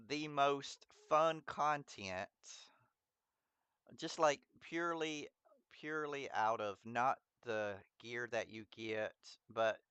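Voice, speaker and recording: A man's voice: mid-range voice, a bit bright, clear, resonant tone, no room sound. A man streaming a mobile game, chatting casually with viewers, rambling, stumbling over their names and laughing at himself. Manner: chatty, talks straight to viewers in chat. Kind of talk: casual live-stream gameplay chat.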